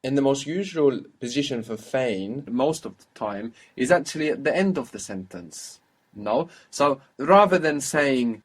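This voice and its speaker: A man's voice: medium pitch, lively intonation, moderate pace. A man teaching a language lesson, patiently prompting his student with questions and repeating the answers.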